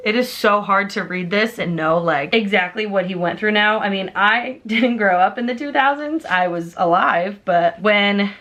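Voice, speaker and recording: A woman's voice: medium pitch, fairly bright tone. A woman in her twenties, a book vlogger, ranting casually and heartfelt with lots of "like" and emphatic asides. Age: 20s. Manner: heartfelt, emphatic, heavy use of "like". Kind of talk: casual chatty rant.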